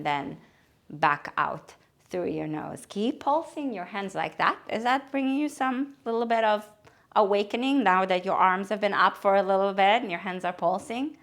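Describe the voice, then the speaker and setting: A woman yoga teacher giving calm, gentle spoken cues for breathing and movement. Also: on the low side. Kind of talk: guided yoga instruction.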